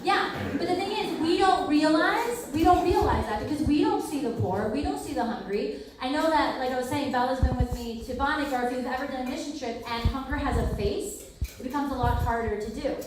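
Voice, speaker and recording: A young adult woman giving a lively storytelling talk, acting out the people in her stories and laughing often. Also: high voice, a little fast, noisy background. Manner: animated, acts out quoted people, laughs often. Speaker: speaker at a campus ministry talk. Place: hall at a university ministry center. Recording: very echoey hall, mic far off.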